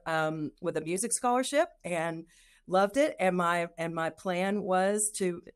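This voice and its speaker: A middle-aged woman, a nurse and lactation consultant, telling her career story in an interview, lively and acting out her own past thoughts. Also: on the low side.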